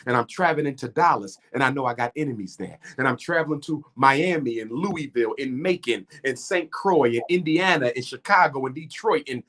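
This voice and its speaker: In an impassioned lecture within a conversation, a middle-aged male guest speaker talks in a preacherly, rhythmic style, building emphasis through repetition. His medium-pitched voice sounds pushed and bright.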